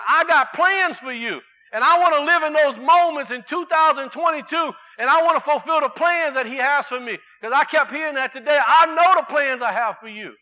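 A man preaching a sermon in a folksy way, swinging from emphatic declarations to quiet storytelling. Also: extremely high pitch.

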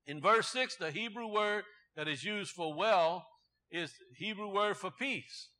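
A man's voice: high voice, pushed and bright. A man preaching, explaining word meanings in a Bible teaching sermon and building to fervent exhortation. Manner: explains word meanings slowly, then preaches with rising fervor.

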